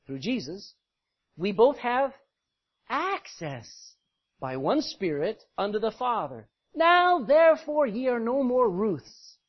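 A husky-voiced man preaching with a very lively, wide-ranging delivery. He swings from loud, stretched-out emphasis to quiet asides and laughs often. The recording sounds dull and lo-fi. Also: high-pitched. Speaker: pastor. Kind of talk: sermon.

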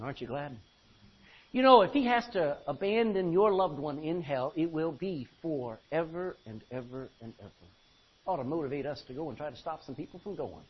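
A male preacher delivering a folksy, emphatic sermon that swings from loud to quiet and calls for amens. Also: fairly high pitch, slightly rough. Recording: dull lo-fi recording.

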